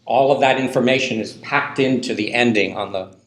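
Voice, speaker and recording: A man's voice: medium pitch, fairly quick, fairly bright tone. A man giving a university linguistics lecture in a loose, conversational way, full of ums and tag questions. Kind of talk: classroom lecture. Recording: echoey lecture hall.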